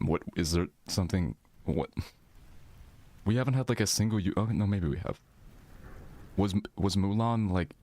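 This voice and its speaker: A man's voice: deep voice, a little mellow. A man live streaming in casual chat, rambling and swearing as he reacts to his viewers' messages.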